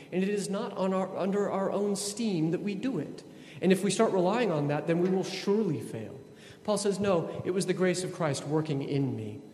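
A man giving a sermon as a priest, animated and conversational, often acting out voices. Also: fairly high pitch. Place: church. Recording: echoey church with long reverb.

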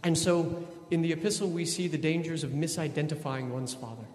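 A man giving a sermon as a priest, animated and conversational, often acting out voices. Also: on the high side, fairly quick, slight background noise. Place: church. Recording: echoey church with long reverb.

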